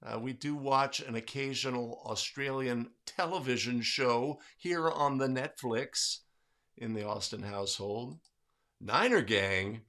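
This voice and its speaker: A man hosting a casual livestream from home, upbeat as he greets viewers by name. His voice is bright and a little gravelly, sitting at a middle pitch. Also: unhurried. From California. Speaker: livestream host.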